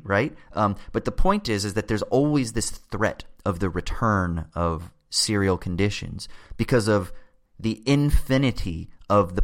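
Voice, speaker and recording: A man's voice: on the low side, fairly bright tone. Casual, profane man explaining philosophy. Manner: casual and profane, keeps checking in with "right?".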